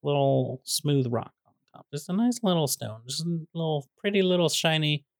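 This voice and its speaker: A man's voice: on the high side, lively intonation, normal speed, creaky, dry recording, studio quality. A man co-hosting a casual comedic movie chat, teasing his co-host with mock exasperation. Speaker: podcast co-host.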